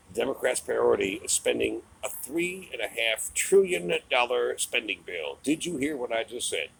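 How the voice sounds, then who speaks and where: A man's voice: medium pitch, gravelly, slight background noise, low-quality recording. A middle-aged man giving a heated, profane political rant, mocking and angry. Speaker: political commentator.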